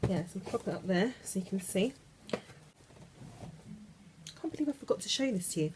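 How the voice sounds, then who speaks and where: A woman's voice: mid-range voice, animated, moderate pace. Woman vlogger, chatty and gushing, casual home recording in bed, faint hiss. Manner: chatty, gushing, trailing off and restarting. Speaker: beauty vlogger. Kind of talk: casual chat to camera.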